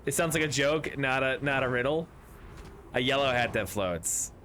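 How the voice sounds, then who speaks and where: Bright-voiced rambling man streaming a game. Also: medium pitch, animated, normal speed, slight background noise. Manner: rambling, jokey, reads chat aloud. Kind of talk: casual game stream chat.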